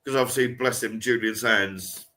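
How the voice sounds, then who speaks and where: Chatty man with a bright voice. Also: medium pitch, steady tone, moderate pace. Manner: rambling, chatty, with restarts. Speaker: podcast co-host. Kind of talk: casual chat.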